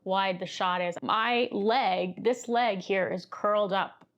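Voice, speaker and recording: This coach for video creators speaks slowly with a medium-pitched, somewhat bright voice, though the recording is muffled. She sits indoors filming herself, chatting conversationally, laughing readily, and gesturing while she explains.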